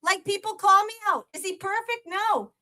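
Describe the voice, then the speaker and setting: A woman's voice: extremely high pitch, normal speed, pushed and bright. A woman hosting a live stream, cursing and taunting a troll in a profane, mocking rant. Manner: profane, taunting, laughs between jabs. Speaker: livestream host. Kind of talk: ranting live-stream commentary.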